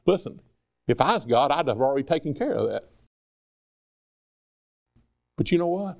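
A man's voice: a little high, animated, normal speed, gravelly, long pauses, darkish tone. A man preaching a sermon in a conversational way, acting out dialogue between people and God. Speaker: pastor.

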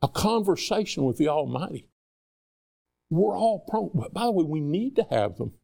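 A man's voice: fairly high pitch, sing-song, normal speed, creaky, dark tone. A man preaching a sermon in a conversational way, acting out dialogue between people and God. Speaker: pastor.

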